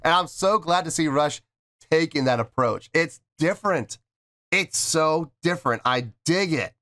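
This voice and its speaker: A man hosting a music reaction show, talking casually with animated, mock-indignant joking. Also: fairly high pitch, measured pace. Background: song playing faintly.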